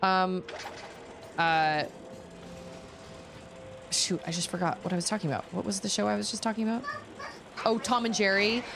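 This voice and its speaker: A woman's voice: medium pitch, level tone, moderate pace, creaky, long pauses, background noise. A woman in her thirties streaming a video game, chatting casually and rambling from one thought to the next. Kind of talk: casual chat while gaming.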